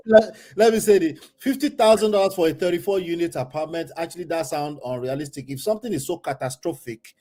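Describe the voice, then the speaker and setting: A middle-aged man, hosting a casual reaction chat, animated and often laughing. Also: a little high, a little fast. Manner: animated, laughing, mock-exasperated. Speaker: podcast host.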